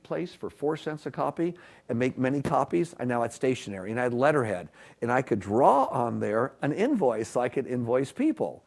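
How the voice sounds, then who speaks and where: Animated middle-aged man telling a story. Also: medium pitch. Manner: animated storyteller, acts out quoted dialogue. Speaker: keynote speaker. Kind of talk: conference keynote storytelling. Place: conference stage.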